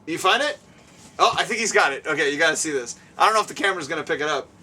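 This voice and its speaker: Excitable rambling male host, bright voice. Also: a little high, rapid-fire. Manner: excitable and rambling, laughs a lot. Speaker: show host. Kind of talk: casual interview chat. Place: guest's home, indoors. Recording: distant mic, faint room ambience.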